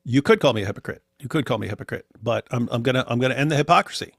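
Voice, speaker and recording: A man's voice: medium pitch, racing, no room sound, clean studio sound. A man hosting a livestream, talking in casual commentary, emphatic and repeating words as he keeps addressing his audience. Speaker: livestream host.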